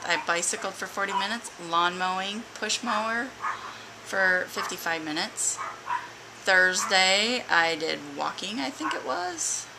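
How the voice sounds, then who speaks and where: A woman's voice: medium pitch, creaky, noisy background. A woman talking casually into her camera for a weight-loss video diary, upbeat and chatty, poking fun at herself. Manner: chatty, upbeat, self-mocking. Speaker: vlogger.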